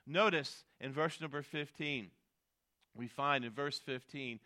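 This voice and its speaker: A pastor preaching a sermon, building emphatic swells and dropping low at the end of phrases. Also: male voice, measured pace, sharp tone.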